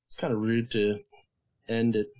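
A man's voice: on the low side, monotone, moderate pace, crowd noise, low-quality recording. A man co-hosting a podcast in casual chat, talking hesitantly with many fillers. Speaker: podcast co-host.

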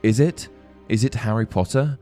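A man voicing an older aristocratic wizard father who urges his son on with eager excitement. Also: fairly low pitch, moderate pace, faint music behind, voice pushed up, natural voice. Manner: excited, pressing, urgent.

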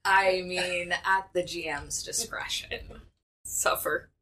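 A woman's voice: lowish voice, normal speed, a bit bright. A woman hosting and running a tabletop game as game master, upbeat and giggly. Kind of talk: casual tabletop game chat.

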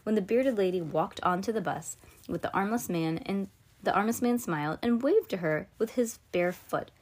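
A woman's voice: medium pitch, lively intonation, moderate pace, a little mellow. A woman hosting a podcast, reading a children's novel aloud in a casual way with chatty asides. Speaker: podcast host.

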